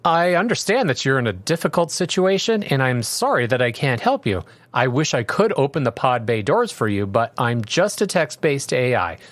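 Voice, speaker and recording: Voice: mid-range voice, sing-song, moderate pace, hardly any pauses, no room sound, lightly acted. A voice playing a chipper rambling chatbot AI. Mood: eager. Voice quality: chipper, rambling, boilerplate helpfulness. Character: overly polite chatbot AI, cheerful and unhelpful. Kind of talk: comedic reading of chatbot replies.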